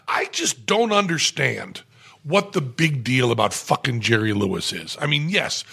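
Raspy, animated middle-aged man telling stories. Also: a little high. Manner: animated, profane, self-mocking. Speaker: guest storyteller. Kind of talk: casual anecdote telling. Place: private club room.

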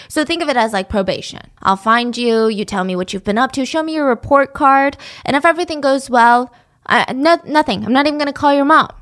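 A woman's voice: fairly high pitch, natural voice. A woman voicing a middle-aged man posing as an FBI agent, coaxing and persuasive.

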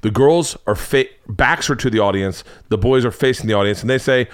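A man in his forties hosting a podcast, telling a story in an animated way, acting out every character and swearing freely. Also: mid-range voice, a little fast, clear, resonant tone. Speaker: podcast host.

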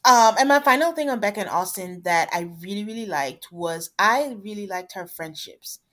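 A woman's voice: medium pitch, expressive, normal speed, fairly bright tone. A woman co-hosting a podcast, chatting casually and retelling a reality show with quoted asides. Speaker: podcast co-host.

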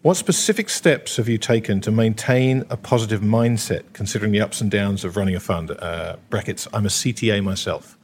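Male interview host, lowish voice, wry asides. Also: brisk, few pauses, a little hiss or hum. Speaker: interview host reading audience questions. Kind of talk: conversational interviewing.

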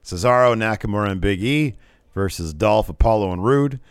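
A man's voice: fairly low pitch, expressive, brisk, clear, resonant tone, dry recording, studio quality. A man co-hosting a live-streamed podcast, recapping wrestling in a rambling, casual way with lots of fillers. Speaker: podcast co-host.

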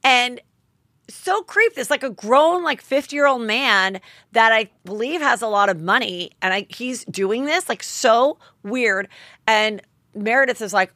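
A woman's voice: medium pitch, a little slow, dry recording, clean studio sound. A woman podcast host giving a chatty, gossipy recap of reality TV, acting out what people said. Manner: chatty, animated, acts out quotes.

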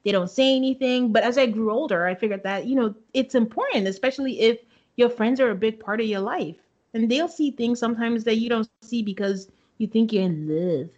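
Recapping a show with her podcast co-host, this woman chats casually, laughs often and quotes people in her retelling. She speaks a little fast in a slightly high, darkish voice, with the highs cut off.

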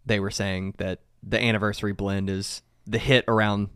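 A man's voice: on the low side, flat delivery, fairly bright tone, clean tone, no echo, clean studio sound. Joking man hosting a tech podcast. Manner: joking, quick to laugh. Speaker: podcast host. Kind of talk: casual podcast chat.

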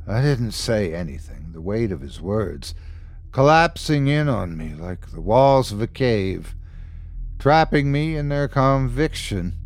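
A male host reading a scripted horror story in a measured, dramatic way. His pitch rises and falls expressively, and he takes his time. The sound is close and dry. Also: animated, no echo. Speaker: host and narrator.

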